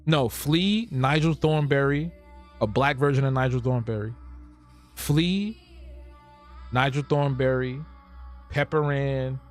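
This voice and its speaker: A man's voice: medium pitch, steady tone, a little slow, faint music behind. Joking man chatting on a live stream. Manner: joking, reacts to chat, thinks aloud while drawing. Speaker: streamer drawing cartoons live. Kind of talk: casual live-stream chat.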